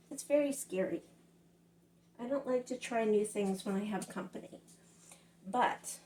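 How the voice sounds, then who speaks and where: A woman's voice: on the high side, darkish tone, far from the mic, a little hiss or hum. A middle-aged woman with a Southern US accent chatting to her viewers while she cooks at home, rambling and addressing them as y'all. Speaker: cooking vlogger. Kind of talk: casual kitchen vlog chat. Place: home kitchen. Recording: echoey kitchen, voice from off-mic.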